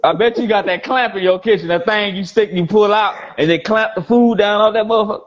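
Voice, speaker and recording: A man's voice: sits high, a little fast. A man in casual comedic banter, swearing freely and mocking, acting out other people's voices. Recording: dull lo-fi audio with clear hiss.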